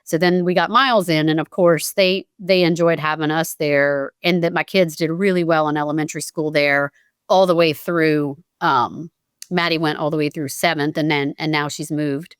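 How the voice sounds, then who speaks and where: A woman in her forties, a podcast guest and parent, telling her family's story in an animated, emotional way, restarting her sentences often. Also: low-pitched, normal speed, clear, resonant tone, no room sound, clean studio sound. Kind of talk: conversational storytelling.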